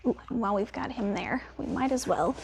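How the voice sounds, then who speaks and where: A young woman, a dog trainer, explaining as she works a dog, talking slowly and steadily and praising quietly, sometimes in a whisper. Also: fairly high pitch, creaky, slight background noise.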